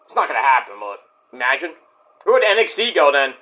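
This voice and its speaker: A man's voice: fairly high pitch, big pitch swings, quick pace, bright, forceful tone. A man reviewing a wrestling show in a casual solo rant, sarcastic and profane, mocking the wrestlers. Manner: sarcastic, profane, mocks wrestlers in put-on voices.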